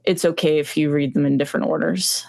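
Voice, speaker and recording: A woman's voice: sits low, steady tone, fast, creaky, a little mellow, no room sound, clean studio sound. A woman being interviewed as a comic book creator, explaining her work in a hesitant way with many ums. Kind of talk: casual interview talk.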